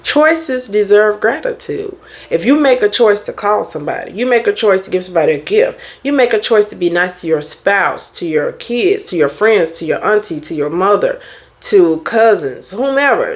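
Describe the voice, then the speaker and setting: A woman's voice: mid-range voice, normal speed. A middle-aged woman therapist and life coach, giving blunt, preachy motivational advice in a casual talk. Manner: blunt, animated, preachy advice with mimicked quotes.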